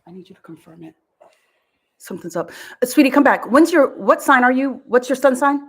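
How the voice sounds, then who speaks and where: A woman's voice: sits high, lively intonation, a little fast, husky. A woman doing live psychic energy readings, casual and soothing, calling her caller sweetheart and leading guided visualizations. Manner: swears casually. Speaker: psychic reader.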